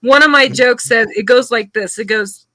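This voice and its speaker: A woman's voice: on the high side, normal speed, bright, forceful tone, dry recording. A woman host chatting casually and telling her stand-up jokes, laughing often. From Southern United States. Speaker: comic artist and stand-up comedian hosting a stream. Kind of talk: casual chat.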